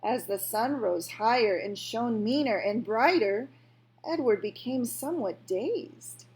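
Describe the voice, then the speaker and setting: A woman calmly reading a children's novel aloud, in a measured storytelling manner. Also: a little high. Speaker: reader.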